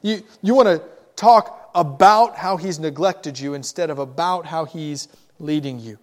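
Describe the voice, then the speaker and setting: Emphatic preacher man in a reverberant hall. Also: a little high. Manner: earnest, emphatic, slows down on key phrases. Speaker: pastor. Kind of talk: sermon.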